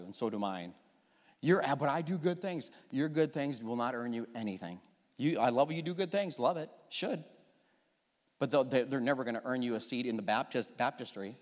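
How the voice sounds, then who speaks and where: A man preaching a sermon as pastor, lively and joking, acting out little quoted exchanges. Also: medium pitch, a little fast. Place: church sanctuary. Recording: long church hall reverb.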